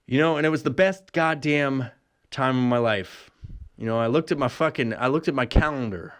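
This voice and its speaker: A man in his thirties, a podcast host, telling a profane, exaggerated comic story in a solo rambling monologue. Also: moderate pace. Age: 30s. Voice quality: profane, exaggerated storytelling with bursts of high put-on voices.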